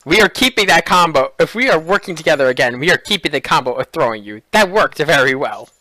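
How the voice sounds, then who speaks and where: Excitable, profane tabletop player with a bright, animated voice. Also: mid-range voice, quick pace, no echo. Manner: excitable, swears freely. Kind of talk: casual tabletop game chat.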